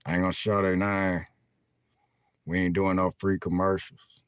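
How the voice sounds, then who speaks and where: An older man chats casually to his viewers in an animated, laughing way, often repeating himself. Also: sits low, moderate pace, clean tone, no echo. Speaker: vlogger livestreaming. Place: inside a van.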